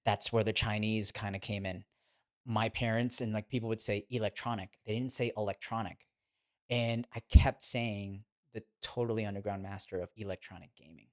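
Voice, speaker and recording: A man in his thirties, a podcast guest, telling stories in a chatty, animated way and laughing as he goes. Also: lowish voice, moderate pace. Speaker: guest, former child actor turned boxing trainer. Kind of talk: casual podcast storytelling.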